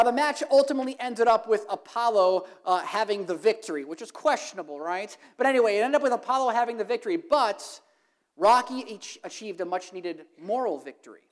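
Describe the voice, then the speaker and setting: Emphatic woman preaching a sermon. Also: mid-range voice. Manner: emphatic, rising to impassioned repetition.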